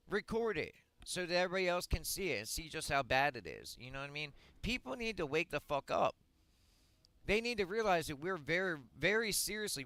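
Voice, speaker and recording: A man streaming a game, delivering a blunt, profane rant that swings up to shouting. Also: on the high side, clean tone, no echo, low-quality recording. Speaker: gaming streamer. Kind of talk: ranting monologue on a livestream.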